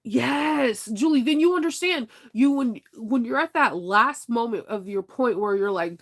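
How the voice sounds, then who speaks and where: A young adult woman with a sinus infection, chatting casually on a live stream, animated and laughing as she answers her viewers. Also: fairly high pitch, unhurried, few pauses. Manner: animated, laughing, talks to chat by name. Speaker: vlogger reading live chat.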